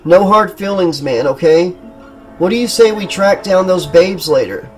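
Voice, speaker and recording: A man's voice: high voice, animated, normal speed, soft background music. A man doing a brash, joking young guy. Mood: cocky. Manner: cocky, teasing.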